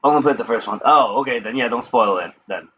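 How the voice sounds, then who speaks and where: A man's voice: mid-range voice, quick pace, muffled recording, noisy background. A man streaming a game, chatting casually in a rambling, joking way with some swearing. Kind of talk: casual gameplay stream chat.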